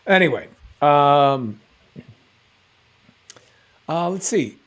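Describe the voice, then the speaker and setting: A man's voice: fairly high pitch, expressive, moderate pace. A middle-aged man from New England hosting a live stream, reading chat questions aloud and rambling through jokey answers.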